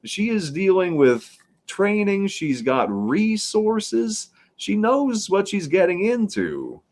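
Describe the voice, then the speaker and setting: A man guest on a live horror chat, making measured arguments with hesitant restarts. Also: sits high, huge pitch swings, a little mellow.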